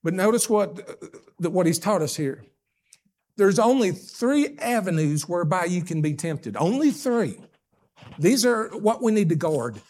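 An older man with a drawl preaches in a folksy, plain-spoken way. His voice sits fairly high for a man. He leans hard on key phrases, then drops to quiet asides. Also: big pitch swings, a little slow. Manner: folksy, emphatic preaching that swings between loud stresses and hushed asides. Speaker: pastor. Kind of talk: sermon.

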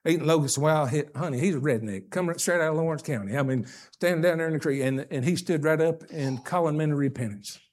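An older man with a drawl preaches in a folksy, plain-spoken way. His voice sits fairly high for a man. He leans hard on key phrases, then drops to quiet asides. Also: quick pace. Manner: folksy, emphatic preaching that swings between loud stresses and hushed asides. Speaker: pastor. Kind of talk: sermon.

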